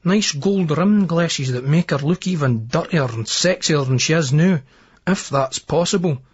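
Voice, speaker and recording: A man's voice: on the high side, a little slow, slightly rough. A man with a Scottish accent narrating a novel in the first person, in a brash, crude, swaggering voice. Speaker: audiobook narrator. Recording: dull lo-fi remastered old tape.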